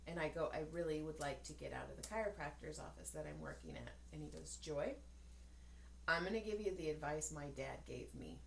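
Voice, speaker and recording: A woman's voice: low-pitched, a little fast, creaky, slight background noise. A woman in her forties, a podcast co-host, tells a story in casual chat, acting out the voices of the people in it and swearing freely. She sounds tired. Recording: echoey room.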